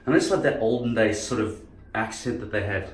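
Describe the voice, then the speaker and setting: A man's voice: fairly low pitch, brisk, a little hiss or hum. A man rambling casually on a vlog, swearing freely and drifting between topics. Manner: rambling, swearing, jumping into impressions. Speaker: vlogger. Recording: roomy sound from a distance.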